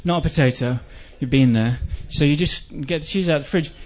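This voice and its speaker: High-voiced man ranting in exasperation. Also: fairly quick, dull audio. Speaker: comedian. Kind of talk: stand-up comedy rant.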